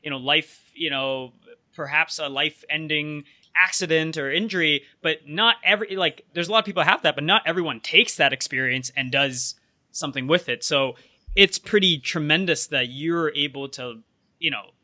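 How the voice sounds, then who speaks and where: A man's voice: on the high side, moderate pace, sharp tone. A man hosting an interview, framing thoughtful questions with frequent hedges and fillers. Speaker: interview host.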